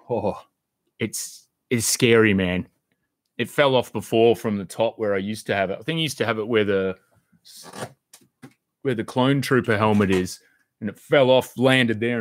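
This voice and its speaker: A man's voice: lowish voice, no room sound, studio quality. A man hosting a live stream, answering viewer comments in a loose, rambling chat and swearing now and then. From Australia.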